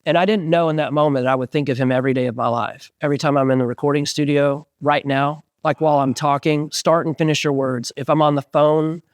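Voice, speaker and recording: Middle-aged man telling a lively story. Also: on the high side, fast, few pauses, dry recording, clean studio sound. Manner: animated storyteller, many fillers, acts out quotes. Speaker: interviewed musician. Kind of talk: casual storytelling interview.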